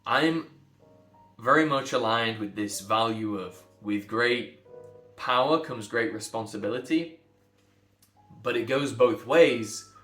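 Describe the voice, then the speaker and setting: A man's voice: medium pitch, takes it slowly, pauses often, fairly bright tone. A man coaching pronunciation, blunt and emphatic, repeating phrases to drive points home. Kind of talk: direct-to-camera lesson. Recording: echoey room with faint music.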